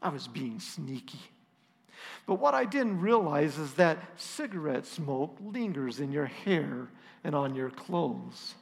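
A middle-aged male pastor with a slightly high voice tells a story in a relaxed, self-deprecating way. His voice rings out in a church hall with a long, trailing reverb. He talks easily, as if chatting with his people. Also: slow, gravelly. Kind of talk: storytelling sermon.

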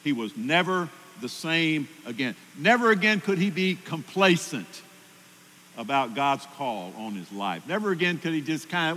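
A man preaches in an emphatic sermon voice, climbing in pitch and loudness to stress his points. His voice carries a long hall reverb, with a faint background ambience underneath. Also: very animated, moderate pace, a little hiss or hum. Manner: emphatic, rises loudly at key points. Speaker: pastor.

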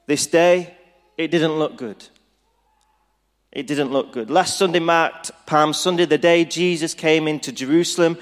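A man preaching a Good Friday sermon as pastor, slow and earnest. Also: on the high side. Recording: reverberant hall.

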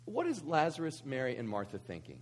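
A man's voice: mid-range voice, huge pitch swings, a little fast, breathy edge. A man, preaching a conversational sermon full of rhetorical questions and asides. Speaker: pastor.

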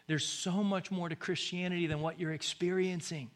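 A man delivers a sermon in a bright, forward voice. He builds to loud, urgent calls and then falls to soft, hushed lines, repeating short phrases for weight. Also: fairly high pitch, steady tone, fairly quick, few pauses. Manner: swings from loud exhortation to hushed near-whisper. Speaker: pastor.

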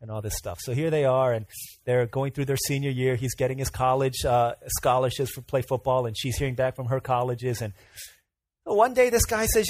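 A man preaching a casual youth sermon, telling stories in a lively way with many fillers and asides. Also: mid-range voice, moderate pace, no echo. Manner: animated storytelling with fillers and asides.

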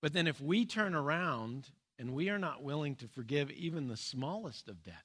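A man preaching a sermon, earnest and plain-spoken, with pauses, restarts and his voice dropping low and soft on key points. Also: lively intonation, breathy edge. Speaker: pastor.

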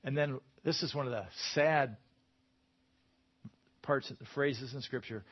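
A man's voice: medium pitch, measured pace, pauses often, slightly rough, muffled recording. A man preaching a sermon in a conversational way, with emphatic bursts when he quotes scripture.

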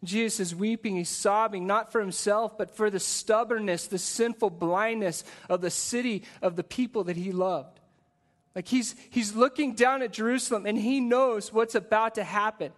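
High-voiced man preaching conversationally. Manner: conversational preaching with rhetorical questions; drops soft and slow on solemn points. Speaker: pastor. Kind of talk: sermon.

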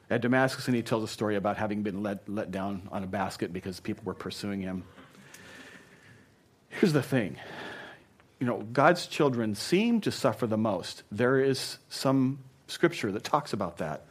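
A man preaching a sermon as pastor, playful and animated, swinging from loud asides to quiet earnest talk. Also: on the low side, moderate pace, slightly rough.

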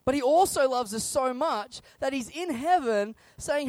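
Animated, chuckling preacher. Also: high voice, unhurried, few pauses, no room sound. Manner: animated, chuckling often, conversational. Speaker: pastor. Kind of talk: sermon.

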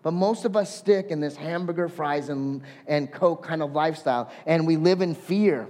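A male pastor preaching a sermon, telling a story with lively acted-out quotes and lists of words. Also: a little high, moderate pace. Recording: long hall reverb.

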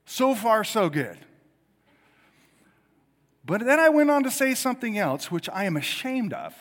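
Animated preacher in a reverberant church hall. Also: male voice, high-pitched, measured pace. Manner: animated, conversational preaching with sudden loud emphasis and quiet asides. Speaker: pastor. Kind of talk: sermon.

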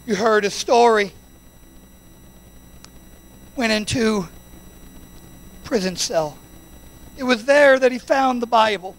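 A man preaching a sermon in a church, building to impassioned shouted peaks and then dropping to a quiet, intimate tone. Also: extremely high pitch, slow, long pauses, poor audio. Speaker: pastor.

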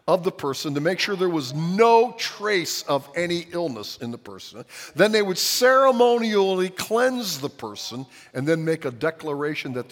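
A man preaching with lively, swooping pitch that drops to near-whispers and rises to loud cries. His voice rings out with a long hall reverb, as in a large church. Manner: dramatic, swings from hushed to shouting. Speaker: pastor. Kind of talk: sermon.

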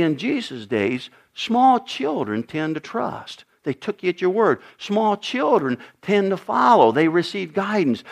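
Older man, pastor preaching, high voice, very lively pitch, emphatic, repeats himself. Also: creaky. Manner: emphatic, repeats phrases, asks the congregation questions. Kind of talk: sermon.

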